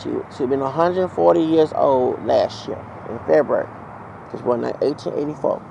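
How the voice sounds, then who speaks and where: A man's voice: medium pitch, normal speed, creaky, warm tone, muffled recording. A man telling a heated, profane, rambling story as a vlogger, outdoors near traffic. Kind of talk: ranting storytime monologue.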